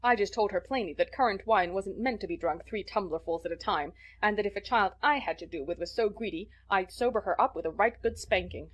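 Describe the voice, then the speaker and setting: A woman doing a stern, sharp-tongued guardian. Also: mid-range voice, close to an everyday voice. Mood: exasperated. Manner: brisk, sharp and scolding.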